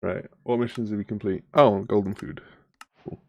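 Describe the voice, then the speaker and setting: A man's voice: fairly low pitch, fairly even intonation, normal speed, mellow, no echo, dull audio. A man in his twenties streaming a game, chatting casually, laughing often and rambling with lots of fillers. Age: 20s. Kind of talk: casual live-stream chat.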